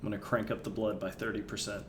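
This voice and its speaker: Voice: low-pitched, level tone, a little hiss or hum. A player casually playing a tabletop game, playful and giggly. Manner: playful, giggly, slow-talking.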